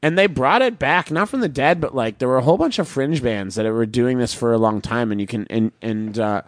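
A man's voice: mid-range voice, dry recording. Man, podcast co-host, casual chat, chatty, dry close mic. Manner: chatty, laughs often, does quick voice impressions.

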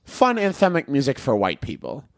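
A man co-hosting a podcast in casual chat, talkative and laughing often, dropping into quick voice impressions. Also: medium pitch, huge pitch swings, no room sound, studio quality. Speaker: podcast co-host.

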